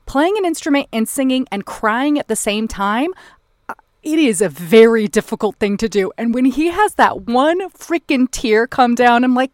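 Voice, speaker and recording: A woman's voice: on the high side, animated, normal speed, no room sound, studio quality. A woman co-hosting a podcast, talking casually about a film in an effusive, emotional way. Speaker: podcast co-host.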